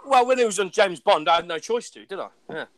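Young English man, casual guest chat, high bright voice, laughing and self-deprecating, dry close sound. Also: quick pace, no room sound. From England. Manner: animated, laughing, self-mocking about his own common speech.

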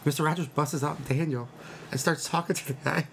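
A podcast co-host with a fairly high pitch, vocal fry, and fairly even intonation describes a movie at a fairly quick pace. His relaxed recap rambles and includes laughing impressions of quotes, with faint noise behind him.

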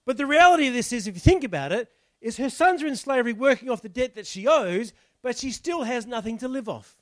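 A man's voice: very high-pitched, animated, fast, a bit bright, no echo. A man, a pastor giving a conversational sermon, explaining the text and asking his listeners questions. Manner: chatty, explains the text and asks the congregation rhetorical questions.

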